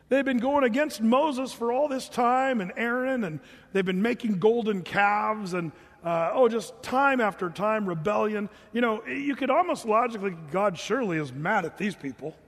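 A man with a high voice preaches a sermon in a conversational way. He reads scripture and stops to put questions to his listeners. His voice rings with the long reverb of a large hall. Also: animated, normal speed. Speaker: pastor. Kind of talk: sermon, reading and explaining scripture.

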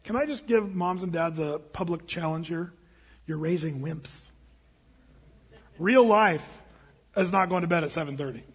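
A man's voice: sits high, normal speed, husky, in a large hall, muffled recording. A man from the United States preaching a sermon as a pastor, conversational and emphatic. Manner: conversational, emphatic, with quoted asides. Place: church sanctuary.

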